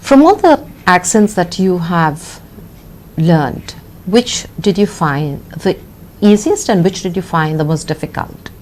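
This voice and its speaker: A woman with a fairly low voice for a woman, hosting an interview. She poses her questions encouragingly, sometimes stumbling and restarting mid-phrase. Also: lively intonation, measured pace, a little mellow, a little hiss or hum. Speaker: interview host.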